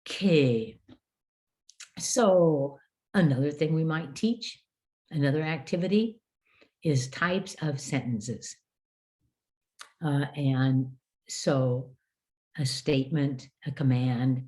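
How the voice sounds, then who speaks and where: An older woman from the United States presents to a room of teachers. Her voice sits very low and sounds warm and dark. She tells stories from her classroom in a lively, conversational way, with plenty of "uh"s. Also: slow, pauses often. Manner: lively storytelling with frequent "uh" fillers. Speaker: education presenter. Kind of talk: workshop lecture for teachers.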